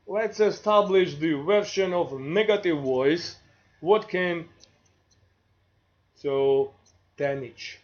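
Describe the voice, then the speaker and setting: A male marketing professor with a Georgian accent talks through his lecture, unhurried and full of pauses. His voice sits a little high. The recording is dull and lo-fi. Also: darkish tone. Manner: slow, deliberate, with frequent pauses and fillers. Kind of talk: university lecture.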